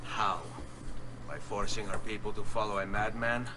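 A man's voice: on the low side, steady tone, moderate pace, natural voice. An actor playing a grim male assassin hero in a game cutscene, curt and menacing. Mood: stern. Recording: game cutscene audio under noise.

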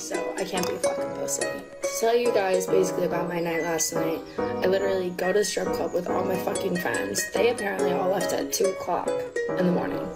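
A young woman in her twenties, hungover, chatting casually and swearing a lot while doing her makeup for a vlog. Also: on the low side. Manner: hungover and swearing, rambling with lots of "like". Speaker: vlogger. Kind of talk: casual get-ready-with-me vlog. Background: music.

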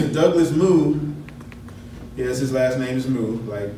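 A man's voice: medium pitch, slow pace, dark tone, a little hiss or hum. A man teaching a Bible study lesson in a conversational way, asking his class questions as he explains. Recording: echoey room, mic at a distance.

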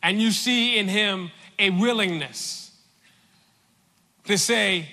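Slow, high-voiced male preacher. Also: sharp tone, in a large hall. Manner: slow, deliberate preaching with repeated phrases. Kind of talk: sermon. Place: large church sanctuary.

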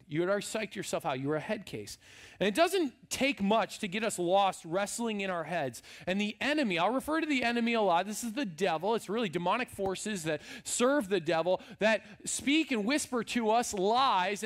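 A man's voice: high voice, expressive, moderate pace. A young man preaching a sermon as pastor, in a casual, humorous storytelling way. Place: church sanctuary.

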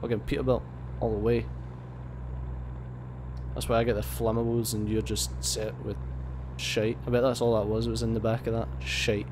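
A man's voice: mid-range voice, normal speed. Profane Scottish man ranting over gameplay. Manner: profane, mock-angry banter at other drivers. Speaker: let's play host. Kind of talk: gameplay commentary. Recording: steady background hum.

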